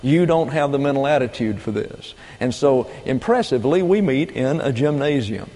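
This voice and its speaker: A man's voice: mid-range voice, expressive, warm tone. Man preaching in a reverberant hall. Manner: measured, lecturing, with frequent fillers and restarts. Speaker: pastor teaching a Bible class. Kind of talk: sermon-style Bible teaching.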